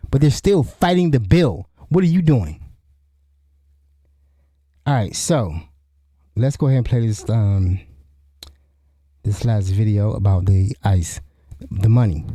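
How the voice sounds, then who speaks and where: Dark-voiced man in solo commentary. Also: mid-range voice, moderate pace, no room sound, studio quality. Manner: rambling, restarts often, asks "you know what I'm saying?". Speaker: podcast host.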